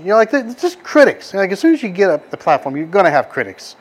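A middle-aged man from the American South with a softened Southern accent, preaching a casual, rambling sermon full of stories and fillers. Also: high-pitched, sing-song, quick pace, breathy edge. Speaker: pastor.

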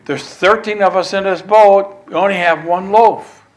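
Anxious men fretting aloud , as a preacher puts them on in his sermon. The voice is quick, raised and worried, with a somewhat high pitch. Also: steady tone. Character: fretting male disciples, anxious.

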